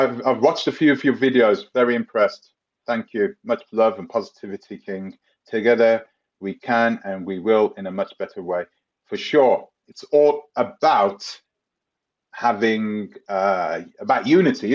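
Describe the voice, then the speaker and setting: A man's voice: fairly low pitch, lo-fi sound. A man with a London accent hosts a live Q&A stream, rambling casually, laughing and answering viewers by name. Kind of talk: live Q&A reading viewer comments.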